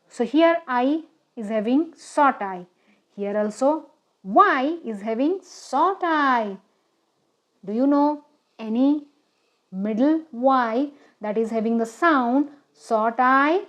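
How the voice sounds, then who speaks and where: A woman teaching a children's phonics lesson, speaking slowly and deliberately and often checking in with "okay?". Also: high voice, animated.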